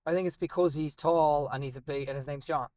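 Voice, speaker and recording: An Irish man co-hosting a casual podcast chat from inside a van, talkative and quick to argue back. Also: on the high side, fairly even intonation, a little mellow, dry recording, studio quality. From Ireland. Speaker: podcast co-host.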